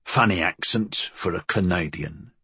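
Man doing a gruff, husky tavern keeper. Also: sits low, measured pace, sharp tone, no echo, voice pushed down, exaggerated voice. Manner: rough working-class dialect, gruff. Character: big brooding working-class tavern keeper man.

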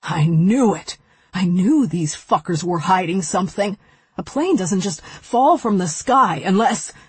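A bereaved young husband and father, raw and volatile, ready to erupt into anger, as a woman narrator reads him in a low, very husky voice. The storybook reading sounds dry and close. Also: unhurried, a little mellow, no room sound. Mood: furious.

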